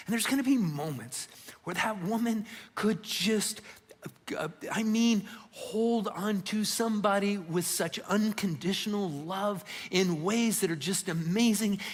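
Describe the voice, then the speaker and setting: A middle-aged man preaches in a slightly raised, husky voice. He tells a personal story earnestly, swelling with feeling. His sermon rings out with the long reverb of a church hall. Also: sits high. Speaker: pastor.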